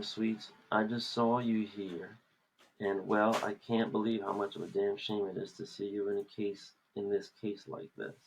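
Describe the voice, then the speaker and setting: Podcast co-host, man, low and gravelly, easygoing working chatter, faint noise. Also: low-quality recording. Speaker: comic artist and podcast co-host. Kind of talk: casual chat while lettering a comic page.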